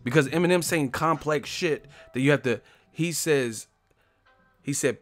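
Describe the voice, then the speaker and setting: A man's voice: medium pitch, steady tone, a little slow. A male live-stream host rants with biting sarcasm in a mid-range voice. Faint music runs underneath his talk. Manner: sarcastic, ranting.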